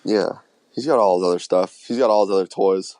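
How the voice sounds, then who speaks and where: Easygoing young man, low dry voice. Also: fairly quick, a little mellow, no room sound. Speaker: podcast host. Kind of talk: casual chat.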